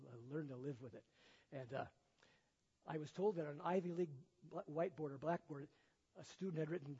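An older man with a fairly high, mellow, husky voice preaches a sermon, retelling a Bible story in a folksy, conversational way and often chuckling at his own remarks. The recording is from an echoey hall and sounds dull and lo-fi.

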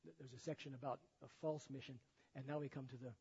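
A man's voice: mid-range voice, fairly even intonation, quick pace, creaky, warm tone, slightly rough. An older man preaching a sermon and retelling a Bible story in a folksy, conversational way, often chuckling at his own remarks. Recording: echoey hall, dull lo-fi sound.

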